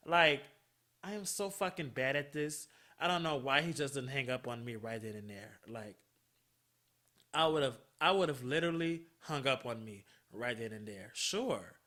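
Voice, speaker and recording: A man hosting a podcast, telling a personal story in a casual, animated way, swearing freely and laughing often. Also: mid-range voice, normal speed. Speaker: podcast host.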